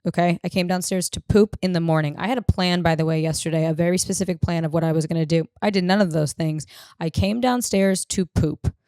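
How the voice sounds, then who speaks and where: A young woman tells stories on her home podcast in a lowish, smooth voice. She talks in an animated, crude, self-mocking way. The sound is dry and close. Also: brisk, dry recording. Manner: animated, profane, self-deprecating storytelling. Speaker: podcast host. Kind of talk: casual storytelling chat. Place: home room used as podcast studio.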